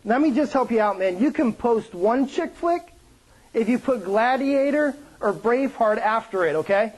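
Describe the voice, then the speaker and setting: A male pastor preaching a sermon, with joking, animated storytelling and playful put-on voices. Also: very high voice, normal speed, rough recording.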